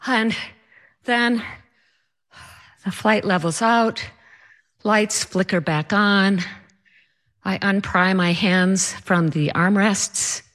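A woman's voice: medium pitch, steady tone, very slow, pauses often, a bit bright. A woman telling a personal story in a wry, self-mocking way.

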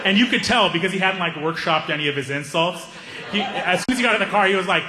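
A man telling a stand-up story, animated, acting out the people in it. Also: sits high, quick pace, noisy background. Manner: animated, acts out characters. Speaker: stand-up comedian. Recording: echoey hall reverb.

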